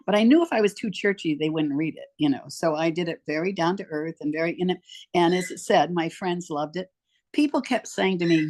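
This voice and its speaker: A woman in her eighties, a podcast guest, telling stories in a relaxed, animated way and acting out the voices of the people she quotes. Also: on the low side. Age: 80s. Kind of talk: casual storytelling interview. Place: home.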